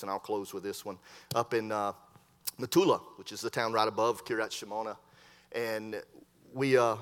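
A man preaching a sermon as a Baptist preacher, telling stories with lively voiced dialogue. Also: fairly low pitch. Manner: storytelling preacher, animated voices in quoted dialogue. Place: church hall. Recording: long hall reverb from a church sanctuary.

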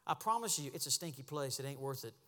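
A man preaching a sermon as pastor, impassioned, dropping to a hush and then rising to a shout. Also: mid-range voice, expressive, quick pace, big-room sound. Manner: impassioned, swings from hushed to shouting. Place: church sanctuary.

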